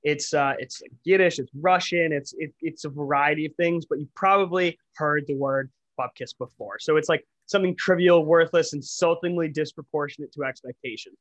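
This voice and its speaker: A man's voice: on the high side, normal speed, hardly any pauses, a bit bright, low-quality recording. A man co-hosting a podcast in casual chat, ranting bluntly and swearing freely. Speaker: podcast co-host.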